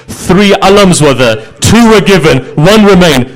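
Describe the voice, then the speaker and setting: A man preaching a sermon as a story, his delivery emotional and moving between animated passages and hushed, grieving ones. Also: sits high, measured pace.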